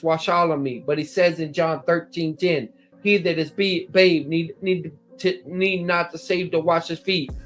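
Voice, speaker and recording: A man lecturing on scripture, working methodically through passages and citing chapter and verse as he explains them. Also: on the high side. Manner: methodical, cites verse numbers, quotes passages aloud. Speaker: Bible teacher.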